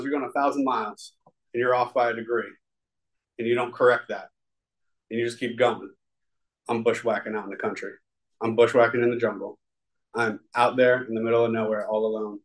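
Man, mid-pitched, rambling and candid, sharing a recovery testimony. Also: a bit bright, poor audio. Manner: rambling and conversational, full of fillers; earnest and confessional. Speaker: recovery meeting speaker. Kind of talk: personal testimony at a recovery meeting.

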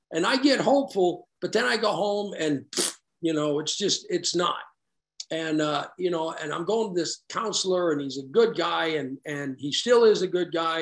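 Rambling middle-aged man sharing his story. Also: a little high. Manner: rambling, conversational and self-deprecating, with wry asides. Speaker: recovery meeting speaker. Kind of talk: personal recovery story told to a group.

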